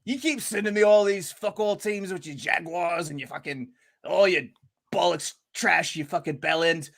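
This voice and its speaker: A man's voice: high-pitched, normal speed, gravelly, fairly bright tone, voice pushed up, heavily acted. A man putting on a bad British accent to play a rowdy, swearing football heckler. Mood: taunting. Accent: put-on bad British accent. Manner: brash, swearing, challenging.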